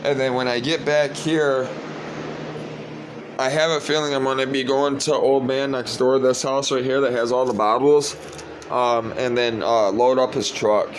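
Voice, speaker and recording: There's slight hiss or hum under this unhurried, mid-range male voice. He's a young vlogger speaking casually to the camera, preaching and rambling, repeating words as he looks for the next one, and he gets loud and excited whenever he retells a story.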